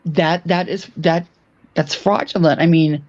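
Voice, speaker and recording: A man chatting as a guest on a livestream, halting and restarting his words as he talks. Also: a little high, steady tone, a little mellow, muffled recording. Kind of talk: casual chat.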